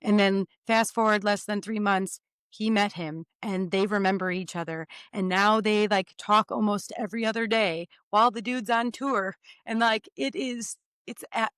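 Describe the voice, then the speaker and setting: A woman hosting a podcast, talking in an upbeat, earnest way in quick bursts. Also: medium pitch, steady tone, fairly bright tone, clean tone, no echo, studio quality. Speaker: podcast host. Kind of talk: casual chat.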